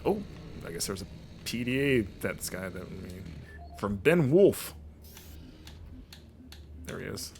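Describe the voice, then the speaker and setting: A man's voice: fairly low pitch, sing-song, slow, gravelly, long pauses, a little mellow, a little hiss or hum. A young man from the United States, a streamer and games critic, chatting casually over gameplay and laughing easily. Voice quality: chatty, laughs easily, jumps into playful mock voices.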